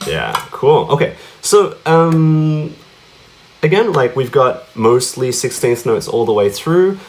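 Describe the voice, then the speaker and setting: Over music, a man with a medium voice talks slowly, his pitch swinging widely as he teaches cajon rhythms casually. He's conversational, often asking "yeah?" or "right?", and he counts the beats while imitating the drum's sounds aloud.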